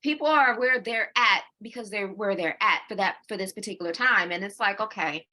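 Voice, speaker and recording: A woman in her forties co-hosting a casual chat, animated, laughing often and repeating herself as she talks. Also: mid-range voice, fairly quick. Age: 40s. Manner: slips into quoting her own inner voice. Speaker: co-host.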